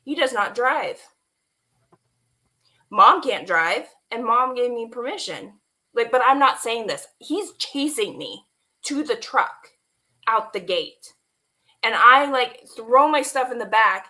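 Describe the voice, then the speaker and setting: A woman telling an emotional personal story as a guest, animated and quoting the people in it, laughing at times and close to tears. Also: fairly high pitch, takes it slowly, pauses often. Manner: animated retelling with quoted dialogue, laughing and near tears. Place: online stream.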